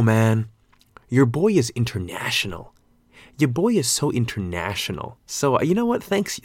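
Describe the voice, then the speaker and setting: A man's voice: fairly low pitch, dry recording. A man in his twenties hosting his own podcast alone, rambling and joking, with casual swearing. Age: 20s. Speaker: podcast host. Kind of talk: solo podcast chat.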